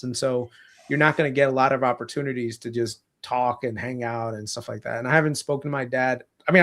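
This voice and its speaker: A man chatting on a live stream among friends, teasing them in an animated way. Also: mid-range voice. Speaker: stream guest. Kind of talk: casual chat.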